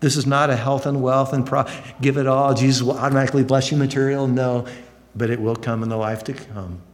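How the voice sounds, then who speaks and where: A man preaching a sermon, lively and expressive, acting out excited voices now and then. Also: fairly quick. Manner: animated, acts out excited voices with big pitch jumps. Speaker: pastor. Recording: long hall reverb.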